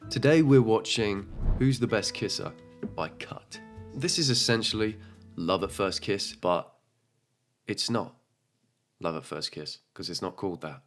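A man doing comedic reaction commentary, sarcastic and jokey, swinging between loud outbursts and muttered asides. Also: lowish voice, measured pace, faint music behind.

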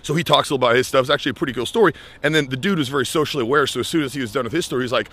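A young man from the United States tells an advice story with lively energy. He slips into other people's voices when he quotes them. He talks at a middle pitch, in a casual coaching tone. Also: rapid-fire, few pauses. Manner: animated, acts out quoted voices. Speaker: life skills coach.

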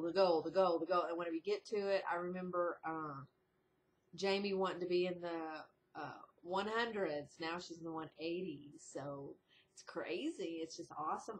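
A woman vlogger chatting casually at home in a rambling video diary, breaking into high, excited exclamations. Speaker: diet vlogger. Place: indoors at home.

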